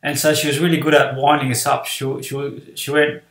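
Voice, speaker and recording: A man's voice: a little high, little pitch movement, a little fast, a bit bright, roomy sound, rough recording. A man telling a personal story from his school days, acting out the voices of his teacher and classmates. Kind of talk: personal anecdote.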